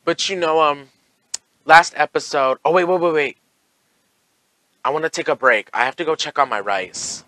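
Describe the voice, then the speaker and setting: A man hosting a casual solo podcast, sassy and campy, talking with big excitable swings and then dropping soft and low, sore with heartburn. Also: moderate pace, long pauses, no echo, poor audio. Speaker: podcast host.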